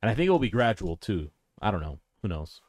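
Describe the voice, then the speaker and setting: A man's voice: fairly low pitch, sing-song, a little fast, darkish tone. A man on a casual podcast, trading dry quips and reasoning things through at length. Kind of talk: casual chat.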